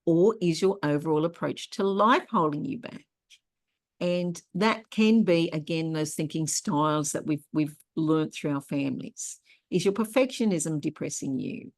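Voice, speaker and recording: A woman's voice: deep voice, unhurried. A middle-aged woman hosting an online workshop, teaching in a conversational way and telling personal stories. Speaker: workshop host and therapist.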